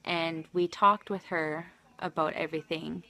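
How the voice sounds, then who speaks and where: Lady on a livestream retelling her story, kinda low voice, emotional and rambly. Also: steady tone, measured pace, sharp tone. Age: adult, married. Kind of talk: casual personal storytelling.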